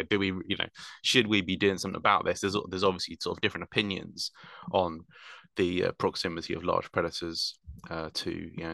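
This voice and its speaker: A man's voice: deep voice, creaky, bright, forceful tone, no room sound. A man explaining wildlife at length in casual chat, rambling with fillers and self-corrections.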